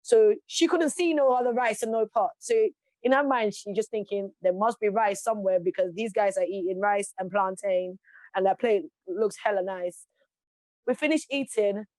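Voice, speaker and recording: A woman's voice: mid-range voice, moderate pace, a little mellow, no echo. Impassioned woman, dry close sound. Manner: emphatic, impassioned, rhetorical questions. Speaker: interview guest, activist. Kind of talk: passionate conversational speech.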